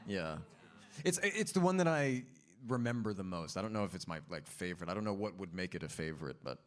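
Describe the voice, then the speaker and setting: A man's voice: low-pitched, lively intonation, fast. Laughing man, voice swoops up and down. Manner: laughing, self-deprecating, rambling. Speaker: actor on a panel. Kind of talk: casual panel Q&A. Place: room with a live audience.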